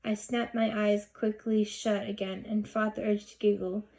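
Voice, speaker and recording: A woman's voice: medium pitch, flat delivery, moderate pace, vocal fry, warm tone. A woman narrating a children's chapter book in first person, reading expressively. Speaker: audiobook reader. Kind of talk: storybook narration.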